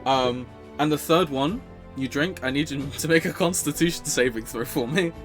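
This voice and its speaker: A man's voice: fairly high pitch, moderate pace, faint music behind. A man running a tabletop game as game master, giggling and apologizing between descriptions, with many ums.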